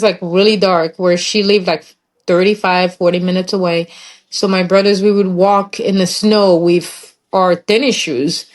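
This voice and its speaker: Woman guest, young adult, heartfelt storytelling, voices the people she describes. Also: mid-range voice. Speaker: interview guest. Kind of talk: emotional personal storytelling.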